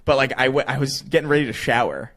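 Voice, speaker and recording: Animated rambling young man. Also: mid-range voice, quick pace. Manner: animated, rambling storytelling full of fillers and swearing. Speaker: podcast co-host telling a story. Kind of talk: casual podcast chat.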